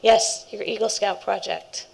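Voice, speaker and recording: Gravelly-voiced woman giving a heartfelt speech. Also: mid-range voice, steady tone, unhurried, low-quality recording. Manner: warm, rambling, laughing asides. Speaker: scout leader. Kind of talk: speech at a ceremony.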